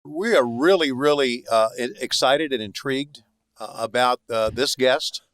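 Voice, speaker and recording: A man's voice: mid-range voice, moderate pace, no room sound. A man hosting a podcast, chatting casually with a guest and introducing the next one. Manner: short affirming backchannels, warm introductions. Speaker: podcast host. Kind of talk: casual interview chat.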